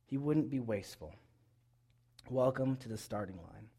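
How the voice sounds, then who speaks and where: A young pastor preaches in a church with an easy, conversational tone. His voice sits at a middle pitch, dropping soft and low for quiet points and then climbing into loud, excited calls to the room. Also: normal speed, slightly rough. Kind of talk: sermon.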